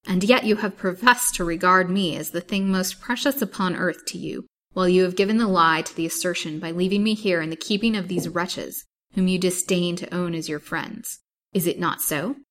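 Woman reading proud young lady, imperious and scornful, a bit higher than the narration. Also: moderate pace, a bit bright, natural voice. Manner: imperious and cutting.

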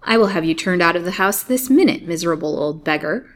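A woman voicing Mrs. Vance, a haughty, sharp-spoken rich widow, in a storybook reading. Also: on the low side, sing-song, moderate pace. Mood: imperious. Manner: sharp, imperious.

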